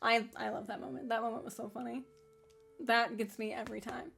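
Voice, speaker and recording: A woman with a slightly high voice hosts a casual anime fan commentary. She rambles in an animated way, laughing often and restarting her sentences. Faint music plays in the background. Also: brisk, creaky.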